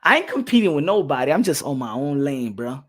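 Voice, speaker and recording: A young man hosting a boxing channel livestream in casual chat, animated, repeating himself and laughing often, slipping into Spanish. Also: fairly high pitch, fairly quick.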